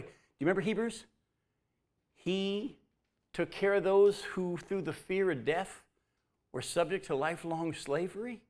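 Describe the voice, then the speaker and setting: A man giving a conversational sermon who acts out the quotes and drops to a soft voice near the end. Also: sits high, animated, unhurried, long pauses. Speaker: preacher.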